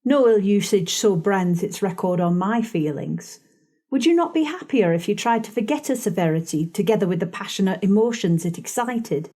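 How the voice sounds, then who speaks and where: Woman voicing a calm, pious schoolgirl. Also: mid-range voice, natural voice. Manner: calm, solemn, measured. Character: gentle, pious, resigned young schoolgirl.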